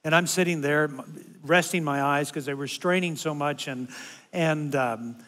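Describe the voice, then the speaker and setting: An older man giving a guest sermon as a humorous, self-mocking storyteller who builds into loud comic rants. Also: fairly high pitch, unhurried. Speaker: guest speaker. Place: church sanctuary. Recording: long reverb of a large hall.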